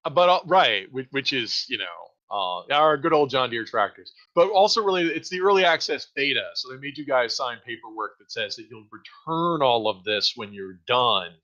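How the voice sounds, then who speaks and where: A man's voice: medium pitch, lively intonation, moderate pace, hardly any pauses, pushed and bright, lo-fi sound. A man running a tabletop role-playing game as game master, rambling and dryly sarcastic.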